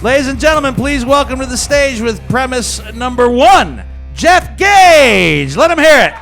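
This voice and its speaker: A man emceeing a live comedy show, giving loud, hyped introductions on stage. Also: extremely high pitch, sing-song, unhurried, creaky, soft background music.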